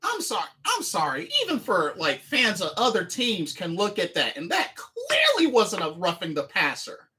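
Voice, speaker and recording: A man's voice: high voice, wildly swooping pitch, moderate pace, hardly any pauses, bright, forceful tone. A man streaming a sports game recap, talking emphatically and repeating the same phrases again and again. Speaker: livestreamer and sports fan.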